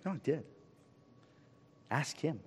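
A man's voice: fairly high pitch, lively intonation, slow pace, in a large hall, a little hiss or hum. A man preaching a sermon as pastor, asking the congregation questions and repeating phrases for emphasis. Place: church sanctuary.

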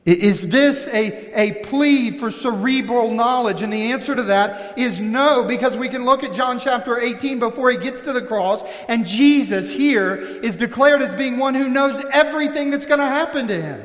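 A man's voice: very high-pitched, normal speed, hardly any pauses, a bit bright. A pastor preaching a sermon with passion, calling out members of his congregation by name. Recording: long hall reverb.

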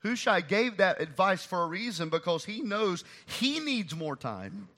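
Male pastor, high bright voice, preaching with big loud-to-soft swings. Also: very animated, measured pace. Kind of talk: sermon.

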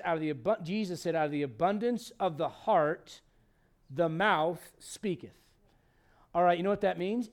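A man with a high, light voice preaches in an animated, chatty way. He jumps between scripture and everyday asides, often restarting his sentences as he goes. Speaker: pastor. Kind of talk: sermon.

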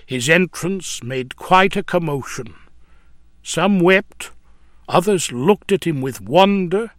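A male reader narrating in a deliberate, earnest voice, lingering over each phrase at an unhurried pace. His voice sits a little high for a man, recorded close and dry with no room echo. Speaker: audiobook reader. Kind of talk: measured storytelling narration of a memoir.

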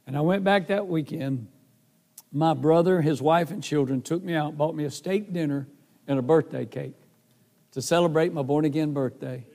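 A man's voice: fairly high pitch, moderate pace, dark tone, long reverb tail. A middle-aged man giving a heartfelt spoken testimony, telling his story earnestly and acting out his own prayers. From North Carolina. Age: 40s or older. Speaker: gospel singer giving testimony.

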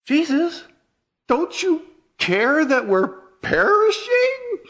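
A man's voice: huge pitch swings, slow, fairly bright tone, muffled recording, heavily acted. A man voicing frantic male disciples pleading in a storm, his voice jumping far above his own. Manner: panicked, pleading, very high-pitched.

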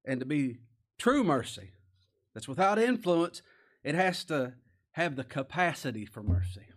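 A man preaching a sermon, swinging between quiet stresses and raised, impassioned emphasis. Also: on the high side, very animated, unhurried. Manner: impassioned, rising and falling emphasis. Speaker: pastor.

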